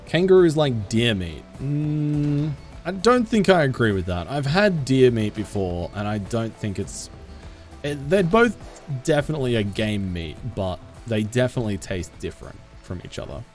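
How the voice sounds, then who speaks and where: Game streamer, male, mild Australian accent, animated chatty delivery with bouncy intonation, frequent laughs, faint music underneath. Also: mid-range voice, normal speed. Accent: Australian, toned down. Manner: chatty, laughs often, answers chat. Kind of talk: casual live-stream chat.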